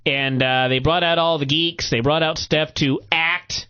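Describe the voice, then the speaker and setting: A man hosting a podcast, recapping a wrestling show in casual, profane, animated chat. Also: on the high side, measured pace, clean tone. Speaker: podcast host. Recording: muffled lo-fi recording.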